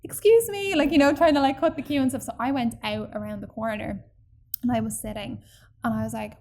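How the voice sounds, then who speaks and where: A woman telling a personal story in casual podcast chat, animated and full of fillers. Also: fairly high pitch, fast talker, gravelly. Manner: chatty and animated, acts out quoted people, many fillers.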